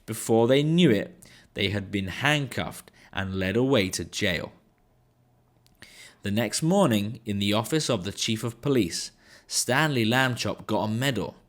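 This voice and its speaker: A man, an English teacher, reading a children's book aloud in an expressive storytelling manner. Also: fairly low pitch, measured pace.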